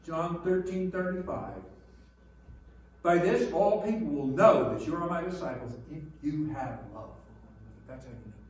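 A man's voice: on the high side, expressive, moderate pace, a little hiss or hum. Man preaching in an echoey hall. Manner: swings from quiet musing to loud emphatic preaching. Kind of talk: sermon. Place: large room with an audience. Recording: echoey hall, mic far off.

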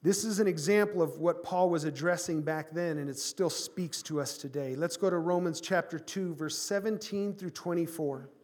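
A man in his forties, a pastor telling a personal story in an animated sermon, swinging from loud bursts to hushed tones. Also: fairly high pitch, normal speed, few pauses. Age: 40s.

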